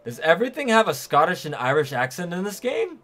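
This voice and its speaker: A man's voice: sits high, sing-song, fast talker, fairly bright tone, faint music behind. A man streaming a video game and reacting with casual, joking commentary, sometimes swearing.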